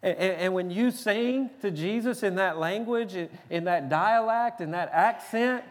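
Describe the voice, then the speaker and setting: A man with a Tennessee Southern accent preaches a sermon from a large church sanctuary. His voice sits high for a man, and he talks in a lively, joking, emphatic way, often restarting his words. Long reverb from the big hall trails after every phrase. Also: a little slow. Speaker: pastor.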